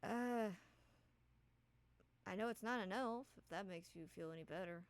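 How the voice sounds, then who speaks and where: A woman's voice: medium pitch, natural voice. A woman doing a flustered rambling companion. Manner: rushed, rambling, hedging.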